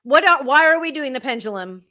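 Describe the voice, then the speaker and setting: A woman's voice: high-pitched, lively intonation, brisk, bright, forceful tone, no echo. A woman co-hosting a casual livestream, playful and teasing. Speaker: co-host.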